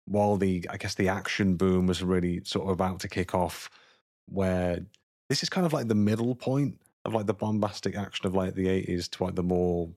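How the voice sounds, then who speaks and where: A man's voice: low-pitched, steady tone, normal speed, a little mellow, no room sound, clean studio sound. A man co-hosting a film podcast, chatting casually and rambling with lots of fillers and jokes. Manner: rambling, filler-heavy, joking. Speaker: podcast co-host.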